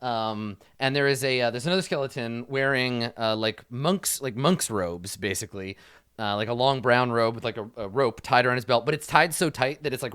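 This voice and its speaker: A man's voice: fairly low pitch, fairly bright tone. A man narrating a tabletop game as dungeon master, in a loose style full of fillers and "like". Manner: loose and filler-heavy, uses "like" often.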